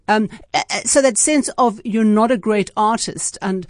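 A woman's voice: medium pitch, moderate pace, no echo, clean studio sound. A woman hosting an interview, recalling a workshop with frequent restarts and affirming murmurs. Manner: hesitant, many restarts and fillers, affirming. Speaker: interviewer, host. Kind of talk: conversational interview.

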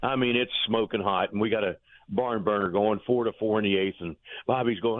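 A man, a former pitching coach, telling folksy, rambling anecdotes in an interview, chuckling as he goes. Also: lively intonation, quick pace, no echo. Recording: tinny phone line.

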